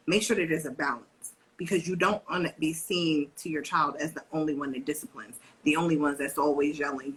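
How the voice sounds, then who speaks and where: A woman's voice: low-pitched, husky, poor audio. A woman co-hosting a live video chat on parenting, talking casually and acting out voices from her family life. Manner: animated storyteller, acts out her daughter's voice. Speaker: co-host and parent educator.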